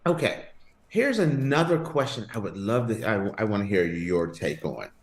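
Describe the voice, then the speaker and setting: A sports podcast host with a lowish, sing-song voice chats casually with his co-host at a normal speed, laughing and rambling along. The recording has a roomy echo.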